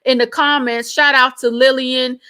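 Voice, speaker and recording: A middle-aged woman co-hosting an online show, lively, excitable and playful, in casual chat. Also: high-pitched, normal speed, clean tone. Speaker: co-host.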